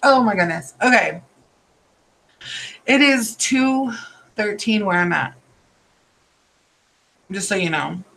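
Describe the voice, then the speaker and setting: A man's voice: high voice, animated, slow, gravelly, long pauses, sharp tone, low-quality recording. A tired man hosting a nail art tutorial, chatting casually and drifting into rambling asides while he works.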